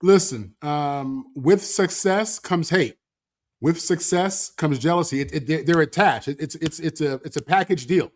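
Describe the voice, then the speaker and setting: A man's voice: a little high, unhurried. A man co-hosting a sports talk show, making his argument earnestly and building through repetition. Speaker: co-host.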